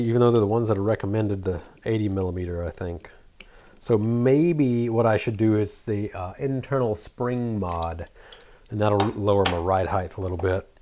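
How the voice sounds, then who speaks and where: A middle-aged man with a faint, mostly flattened Southern American accent, chatting casually and muttering to himself while working at a bench. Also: lowish voice, slight background noise. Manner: rambling, self-deprecating, mutters while working. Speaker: hobby shop owner building an RC truck.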